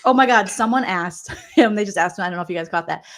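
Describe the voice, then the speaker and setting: Woman, comedic reaction vlogger, sassy, sarcastic, average pitch. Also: quick pace, background noise. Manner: sassy, sarcastic, laughs often. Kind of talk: casual comedic reaction commentary.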